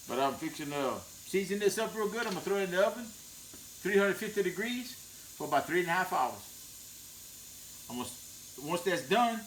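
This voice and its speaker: A man's voice: fairly high pitch, a bit bright, echoey room, a little hiss or hum. A man hosting a casual home cooking demonstration, talking in a folksy, rambling way with many fillers. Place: home kitchen.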